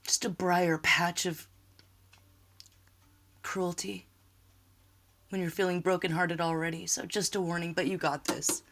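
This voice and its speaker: A woman's voice: on the low side, steady tone, measured pace, long pauses, a bit bright. Earnest woman giving a tarot reading. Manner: earnest, emotional, reassuring, repeats short urgings. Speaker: tarot reader.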